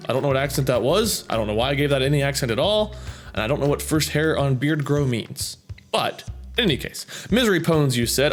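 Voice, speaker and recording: A man's voice: on the high side, expressive, normal speed, faint music behind. A man in his thirties hosting a gaming channel, casually reading out viewer comments in a rambling, self-amused way. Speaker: YouTube gaming channel host.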